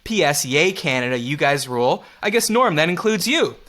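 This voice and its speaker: A man's voice: on the high side, lively intonation, normal speed, a bit bright. A man hosting a podcast, reading a listener letter aloud and chatting playfully with a guest. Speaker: podcast host.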